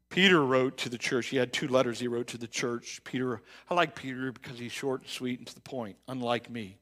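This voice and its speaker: A man preaching a sermon in a church, talking in a conversational way with many restarts and repeated words, rising to loud emphatic bursts and dropping to quiet reflective stretches. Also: medium pitch, a little fast, few pauses. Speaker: pastor. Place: church sanctuary.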